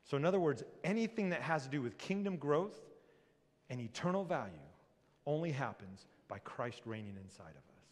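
A male pastor preaching a sermon with lively delivery, rising loud and dropping to a hush. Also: mid-range voice, moderate pace. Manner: lively preaching, swings between loud and hushed. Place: church sanctuary. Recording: long reverb of a church hall.

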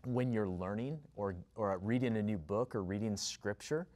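A man with a somewhat low voice talking earnestly about faith, using loose conversational phrasing. He co-hosts a relaxed church devotional chat alongside a colleague. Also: normal speed. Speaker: pastor co-host.

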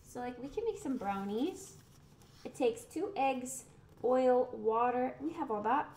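A young woman streamer rambles casually while cooking in her home kitchen, the mic set away from her so it catches roomy echo and faint hiss. Her high-pitched voice is expressive, a little slow and a little mellow.

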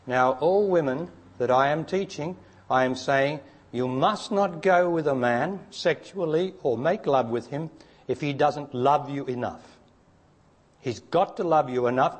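An older man with an Australian accent giving a spiritual teaching talk, emphatic and insistent, pushing his voice up to stress his points. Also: mid-range voice.

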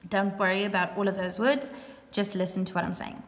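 A woman's voice: mid-range voice, little pitch movement. Patient woman teacher in an echoey room. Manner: patient, repeats and spells words out slowly. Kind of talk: online grammar lesson for young pupils. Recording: echoey room with long reverb.

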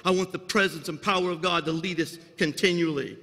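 A bright, higher-pitched man preaches in a sanctuary with long reverb, swinging from folksy asides to fervent, loud climaxes. A slight Southern drawl slips into his words now and then. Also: fairly even intonation, brisk. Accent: Southern US drawl slipping in. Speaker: senior pastor. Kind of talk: sermon. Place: large church sanctuary.

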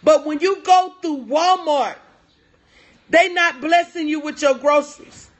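A woman's voice: high voice, measured pace. A middle-aged woman business coach talking to viewers on a livestream, preachy and emphatic, repeating her key lines and greeting people by name. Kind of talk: motivational livestream talk.

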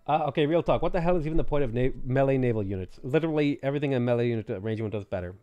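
A man's voice: medium pitch, rapid-fire, mellow, no echo, muffled recording. A man chatting casually and jokingly as he livestreams a strategy game, rambling from topic to topic. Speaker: gaming streamer.

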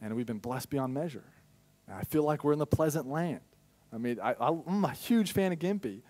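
In church, a young man who serves as pastor gives a sermon built on his own testimony. He speaks candidly, with sudden loud outbursts, in an expressive, medium-pitched voice at a fairly quick pace.

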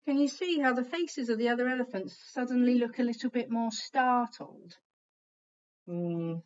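A woman's voice: on the high side, moderate pace, a little mellow, dull audio. A woman teacher reading a picture book aloud to young children, telling the story expressively and pointing out the pictures as she goes.

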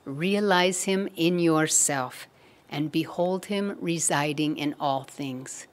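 Brief: a woman playing an ancient holy man, frail and serene, slow and soft-spoken. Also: sits low.

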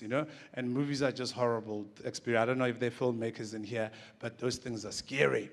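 A man's voice: medium pitch, fast talker, few pauses, long reverb tail. A man in his forties, a comedian giving a rambling, casual storytelling talk on stage. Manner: casual, rambling, lots of restarts and "like".

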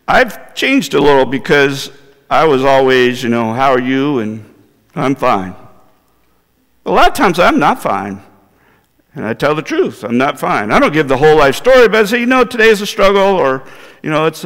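Conversational pastor, church hall reverb. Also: male voice, fairly high pitch, gravelly, a bit bright. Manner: conversational, asks the congregation questions. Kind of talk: sermon. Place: church sanctuary.

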